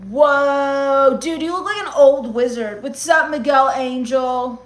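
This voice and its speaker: A woman streamer with a high voice reads chat comments aloud at a slow pace. As a livestream comedian, she answers them with sarcastic, gloomy rants in a mock-goth style.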